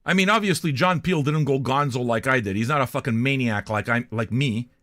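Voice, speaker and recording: A man's voice: medium pitch, fairly quick, fairly bright tone. An older man from Canada, hosting a music reaction show in a blunt, profane, rambling monologue.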